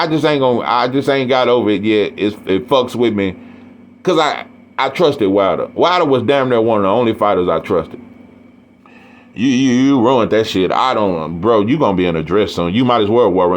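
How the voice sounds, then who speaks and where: Profane East Texas man ranting. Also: medium pitch. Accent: East Texas Southern US. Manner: blunt, profane, heated, repeats himself. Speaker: boxing commentator. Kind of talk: ranting monologue.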